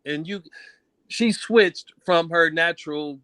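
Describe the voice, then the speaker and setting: A man phones in to a talk show and tells his story in a loose, conversational way. His voice is bright and a little sharp. The sound is dry and close, with no room around it. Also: on the high side, slow, clean tone, dry recording. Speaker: caller. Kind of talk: casual call-in chat.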